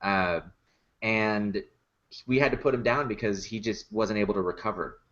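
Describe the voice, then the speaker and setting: A man's voice: lowish voice, moderate pace, fairly bright tone, muffled recording. A man who builds and performs puppets, telling stories in a casual podcast chat, with easy laughs and many fillers. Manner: laughs easily, chatty storytelling with many fillers.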